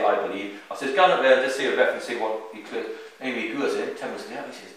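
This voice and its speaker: Fast-talking man with a very strong accent. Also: fairly low pitch, a bit bright. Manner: fast, rambling anecdotes with self-mocking humour. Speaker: football manager guest. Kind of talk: casual storytelling chat. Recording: echoey room, distant mic.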